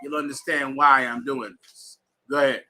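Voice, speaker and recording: A man's voice: medium pitch, level tone, moderate pace, bright, forceful tone. A man teaching a bible class to students in a room, emphatic and slangy, telling readers to keep going. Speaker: scripture class instructor.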